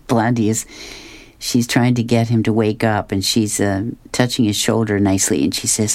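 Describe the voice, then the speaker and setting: A woman's voice: rumbling low, fairly even intonation, unhurried, a little mellow. A woman reading newspaper comic strips aloud on the radio, amused and laughing often as she acts out the characters' lines.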